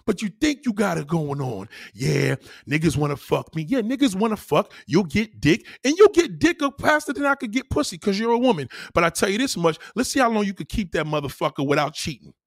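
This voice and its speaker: A man's voice: high-pitched, very animated, fairly quick, few pauses, dry recording, studio quality. A man hosting a live stream alone, ranting to his chat in a profane, combative, preachy way. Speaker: livestream host.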